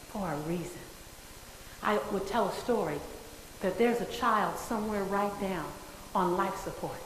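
A woman motivational speaker addresses an audience emphatically, repeating key phrases for effect. Her voice is lowish, recorded in an echoey hall with long reverb and a noisy background.

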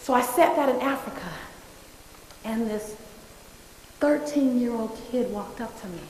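Giving a motivational speech in a hall with long, echoing reverb, this woman presses her points by repeating key phrases. She speaks a little slowly in a fairly high, darkish voice with lively intonation, and a little hiss or hum is audible.

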